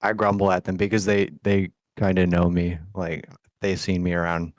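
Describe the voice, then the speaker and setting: A man's voice: deep voice, flat delivery, moderate pace, dry recording, studio quality. A man playing a tabletop game, blunt and laid-back. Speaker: player.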